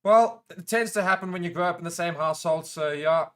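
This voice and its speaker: A South African man hosting a live rugby watchalong, chatting casually with viewers and breaking into excited play-by-play during big moments. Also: high-pitched, brisk. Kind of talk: casual live commentary while reading chat comments.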